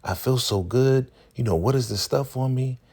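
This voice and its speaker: A man's voice: mid-range voice, normal speed, dark tone, voice pushed up, close to an everyday voice. A man voicing a drugged, euphoric young woman who gushes dreamily about feeling good. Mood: blissful.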